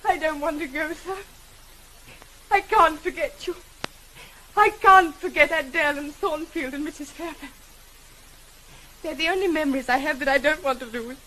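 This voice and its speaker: A proud young governess with a high, light voice in a 1950s television drama. She speaks politely and with restraint, and her voice trembles when she is upset. A faint hiss sits under the old recording. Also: moderate pace, long pauses, sharp tone, poor audio. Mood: tender.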